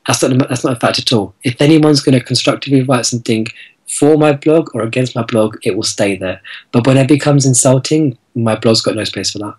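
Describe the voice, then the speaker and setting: Guy with a husky voice chatting earnestly, restarts here and there. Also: mid-range voice, rough recording. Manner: earnest, thoughtful, with small restarts. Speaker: guest blogger. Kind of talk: casual interview talk.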